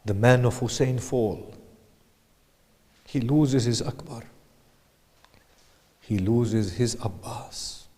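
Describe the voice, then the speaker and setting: A man giving a sermon, retelling a tragic story slowly, swinging from hushed whispers to loud anguished cries. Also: medium pitch, in a large hall. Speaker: lecturer.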